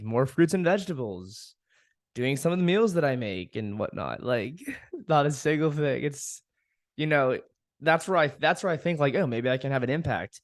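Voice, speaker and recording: A young man talks straight into a dry, close mic, venting about his frustrations. His voice sits at an ordinary pitch, and he swears freely while laughing at himself now and then. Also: no room sound. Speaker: podcast host. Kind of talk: casual solo podcast monologue.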